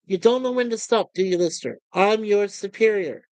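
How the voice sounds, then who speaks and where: A man's voice: high-pitched, moderate pace, dry recording, voice pushed up, rough recording. A man doing Rimmer, a pompous snob. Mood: superior. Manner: lofty and insulting. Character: pompous, snobbish male officer bossing a shipmate.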